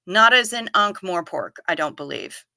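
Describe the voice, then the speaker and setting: A woman's voice: on the low side, animated, normal speed, vocal fry, pushed and bright, dry recording, studio quality. A woman hosting a live stream, chatting casually as she reads viewer comments aloud, wry and given to swearing and giggling.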